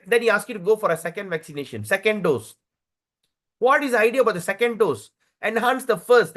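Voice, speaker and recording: High, lively middle-aged man teaching. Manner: searching for words, repeating himself, asking the audience questions. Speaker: devotional class teacher. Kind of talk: devotional scripture class.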